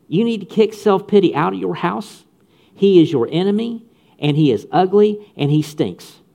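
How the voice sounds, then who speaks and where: Punchy preacher, fairly high voice. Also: male voice, a little mellow. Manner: punchy, humorous, repeats phrases for emphasis. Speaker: pastor. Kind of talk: sermon.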